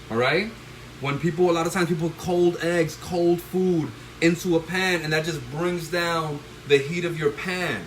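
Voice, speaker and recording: A middle-aged man, a chef, hosts a live cooking demonstration in his home kitchen, coaching viewers with repeated "all right?" and bursting into loud whoops. He talks into a handheld phone. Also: sits high. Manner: coaching, tags lines with "all right?" and "okay?". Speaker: chef hosting a cooking stream. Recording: kitchen noise with frying sizzle.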